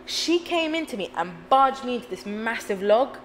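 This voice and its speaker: A woman's voice: on the high side, normal speed. A young woman tells her stories bluntly and animatedly, acting out what others said. Her voice rings out in a reverberant room, with a faint hiss under it. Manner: blunt, lively storytelling with acted-out quotes. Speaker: guest, actor. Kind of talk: casual podcast chat.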